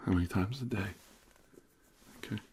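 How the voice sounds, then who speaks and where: A middle-aged man in a whispered role-play as a therapist, drifting between soft whispers and a relaxed speaking voice in a rambling, casual way. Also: on the low side, normal speed, a little hiss or hum.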